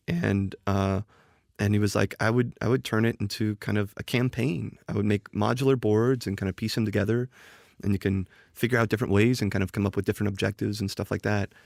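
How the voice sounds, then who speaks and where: A man's voice: fairly low pitch, vocal fry, a little mellow, dry recording, clean studio sound. A man, a game designer guest on a podcast, telling a story animatedly, often restarting and acting out quoted dialogue. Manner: often restarts and repeats words. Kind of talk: casual podcast chat.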